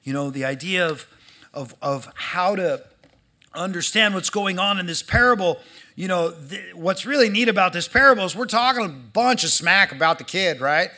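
A man preaching a sermon to his church, acting out the people in the story and swinging between loud and hushed delivery. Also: high voice, normal speed. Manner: animated, acts out quoted voices, swings from loud to hushed. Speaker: pastor.

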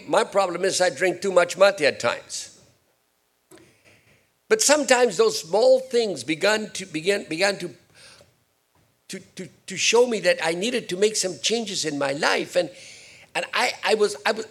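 A man delivers a sermon in a gravelly, slightly husky voice pitched a little high for a man. He swings between hushed, low asides and loud, soaring rhetorical questions. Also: animated, unhurried. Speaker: pastor.

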